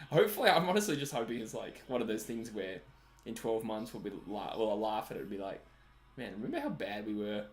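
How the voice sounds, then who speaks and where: Chatty low-voiced Australian man. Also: normal speed, pauses often. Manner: chatty, laughs often, answers chat comments. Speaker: livestream host. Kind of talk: casual watch-along commentary.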